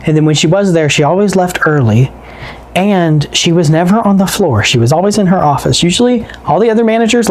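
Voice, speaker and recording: A man who is a guest on a casual podcast, talking in a blunt, offhand way. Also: high voice. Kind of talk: casual chat.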